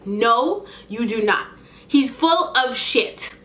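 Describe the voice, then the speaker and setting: Animated woman telling a storytime vlog. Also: on the high side, slow pace. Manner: animated, indignant storytelling with laughs. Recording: echoey room.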